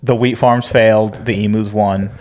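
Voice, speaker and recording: A man's voice: fairly low pitch, level tone, moderate pace, darkish tone. Easygoing wry podcast host guy. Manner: easygoing, laughs along, wry. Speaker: podcast co-host telling a history story. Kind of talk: casual storytelling chat.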